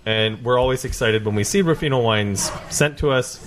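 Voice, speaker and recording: A man's voice: medium pitch, moderate pace, slight background noise. A Canadian man co-hosting a wine podcast, asking chatty questions with frequent stammers. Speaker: podcast co-host. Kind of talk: casual podcast chat.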